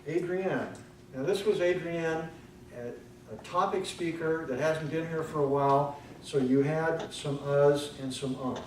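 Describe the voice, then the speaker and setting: A man's voice: a little high, darkish tone, recorded from a distance, slight background noise. Man giving grammar notes in echoey room. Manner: dry joking, corrective, pronounces words slowly. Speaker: grammarian and ah counter. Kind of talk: meeting speech evaluation. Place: club meeting room.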